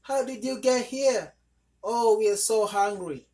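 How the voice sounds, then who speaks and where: A man's voice: measured pace, dark tone. A man reading a folk tale aloud and voicing two hungry young children calling to their mother. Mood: eager crying. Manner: high, crying out.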